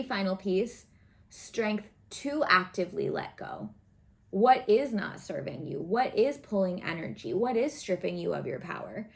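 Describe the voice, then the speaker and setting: A woman's voice: mid-range voice, creaky. A woman giving a casual tarot reading to camera, chatty and earnest, often checking in with the listener. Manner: chatty, earnest, frequent "right?" and "okay?" check-ins; encouraging, coaching tone. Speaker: tarot reader.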